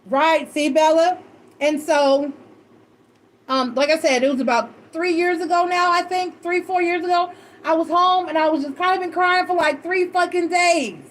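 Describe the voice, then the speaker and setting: Brief: high-pitched woman reader, loose emotional chat, salty language. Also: normal speed. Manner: animated, emotional and swearing freely. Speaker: tarot reader. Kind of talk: casual storytelling chat.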